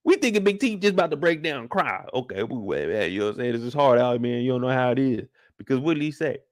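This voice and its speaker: A young man, recapping a TV episode alone in loud, slangy, excitable storytelling with acted-out reactions. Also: medium pitch, quick pace, dry recording, clean studio sound. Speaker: show recap host. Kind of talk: animated solo recap of a TV episode.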